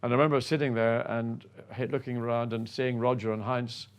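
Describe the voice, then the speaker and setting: A man's voice: mid-range voice, steady tone, brisk, smooth. An older man, a former racing driver, telling self-effacing stories from his career as a guest. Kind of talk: reminiscing anecdote.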